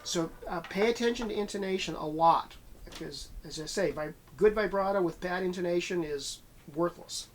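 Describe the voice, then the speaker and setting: A man's voice: sits high, normal speed. A man giving a steel guitar lesson, thinking aloud with many fillers and restarts. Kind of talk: instructional talk between playing.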